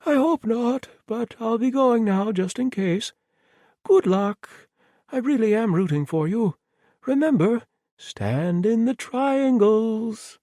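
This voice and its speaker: A man's voice: extremely high pitch, animated, takes it slowly, mellow, dry recording, clean studio sound, voice pushed up, heavily acted. A man voicing a cheerful, polite, remorseless male murderer who sounds oddly reasonable, in an audiobook. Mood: cheerfully apologetic. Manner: chirpy, apologetic, oddly reasonable. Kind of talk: audiobook character voice.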